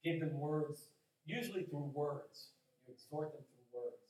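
A man's voice: a little high, a little slow, a little mellow. A man preaching a sermon in a conversational way, repeating phrases and acting out people's reactions. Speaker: pastor. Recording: echoey hall, distant mic.

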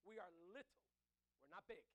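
A man's voice: high voice, very animated, fairly quick, bright, forceful tone. A male pastor preaching a sermon with fervor, often repeating words and restarting phrases.

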